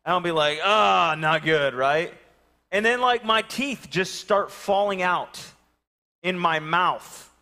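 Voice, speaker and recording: A man, preaching a sermon and telling lively personal stories, acting out the voices of the people in them. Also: high-pitched, slow pace. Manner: animated storytelling, acting out voices. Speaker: pastor. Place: church sanctuary.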